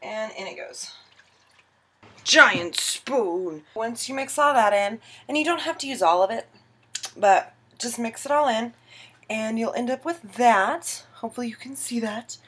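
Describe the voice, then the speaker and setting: A woman's voice: a little high, lively intonation, a little slow, a bit bright, breathy edge. A tipsy young woman filming a casual baking tutorial in her home kitchen, giggly, rambling and self-mocking.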